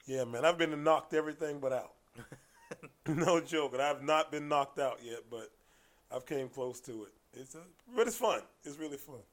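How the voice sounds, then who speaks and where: A man with a slightly higher voice tells work stories in a relaxed conversational way. He acts out voices and drops to a whisper for emphasis. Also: moderate pace. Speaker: guest, martial arts coach. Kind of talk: casual storytelling.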